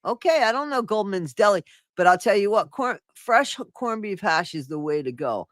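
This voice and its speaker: Excitable woman chatting to stream viewers. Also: medium pitch, moderate pace, no echo, studio quality. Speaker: streamer host. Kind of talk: casual live-stream chat.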